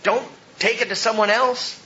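A man preaching a sermon as pastor, animated and joking, acting out the people in the story. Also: high voice, normal speed, muffled recording.

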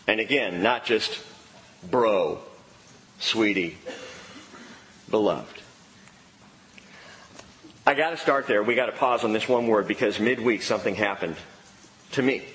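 A man preaching a sermon as pastor, emphatic, dropping his voice low on key words. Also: a bit bright, a little hiss or hum. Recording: long hall reverb.

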